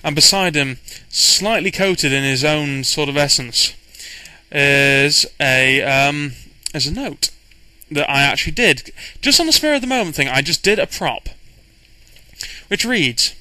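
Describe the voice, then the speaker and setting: Man, game master, rambling recap, lots of restarts, bright forceful voice, dry close sound. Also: a little high, expressive, a little slow, no echo, rough recording. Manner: rambling, with frequent restarts and fillers. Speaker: game master recounting a campaign. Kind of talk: casual storytelling recap.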